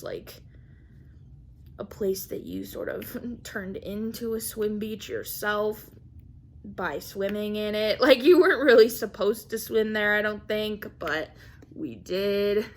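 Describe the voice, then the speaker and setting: A young woman vlogger telling a story in a casual, animated way, acting out quotes and laughing often. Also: medium pitch, slight background noise. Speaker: craft vlogger.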